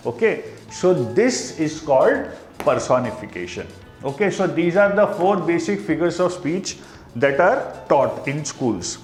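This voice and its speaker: A man with an Indian accent teaching a class, explaining slowly and repeating key terms. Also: fairly high pitch, sing-song, echoey room, soft background music. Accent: Indian English. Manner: explains slowly with repetition, mixing in Hindi asides. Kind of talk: classroom lecture.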